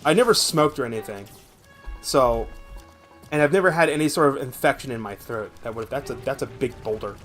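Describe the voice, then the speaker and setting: A young man with a gravelly voice, streaming a game from home and chatting in a rambling, profane way. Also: mid-range voice, fairly quick, a bit bright, faint music behind. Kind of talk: casual gameplay chat.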